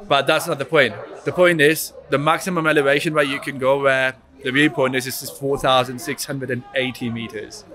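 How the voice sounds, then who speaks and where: A man's voice: medium pitch, a bit bright. A man chatting enthusiastically as a travel vlogger outdoors at a mountain scenic area. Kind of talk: casual travel vlog.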